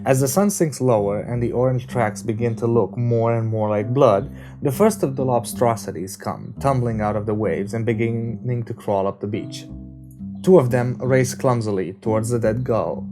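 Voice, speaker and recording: A man reading a novel aloud as an amateur audiobook, narrating in a steady, measured way. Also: medium pitch. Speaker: reader. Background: guitar music.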